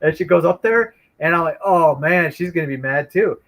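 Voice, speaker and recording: A man telling a childhood story in casual chat, rambling and animated, with many restarts. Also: on the high side, normal speed, rough recording. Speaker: guest storyteller.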